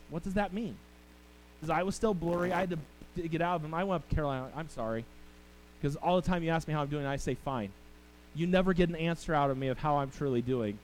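A man's voice: on the high side, a little mellow, a little hiss or hum, rough recording. A middle-aged male pastor preaching a sermon, telling family stories and talking with the congregation. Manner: storytelling, conversational with the congregation.

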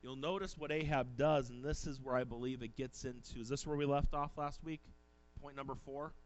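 A man's voice: mid-range voice, steady tone, fairly quick, low-quality recording. A male pastor preaching a sermon, reading old-fashioned scripture aloud and then exhorting his congregation.

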